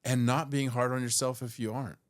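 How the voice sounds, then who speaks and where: A man's voice: medium pitch, level tone, fairly quick. A man hosting a casual chat, asking reflective questions and repeating words as he searches for them. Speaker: podcast host.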